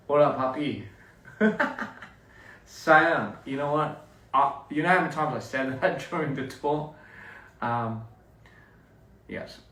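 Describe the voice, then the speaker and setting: A man's voice: on the high side, measured pace, long pauses. Man, rambling and roomy. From Australia. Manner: rambling and relaxed, with many restarts and fillers. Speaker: performer talking to fans. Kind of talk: casual livestream chat. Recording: roomy, somewhat distant phone audio.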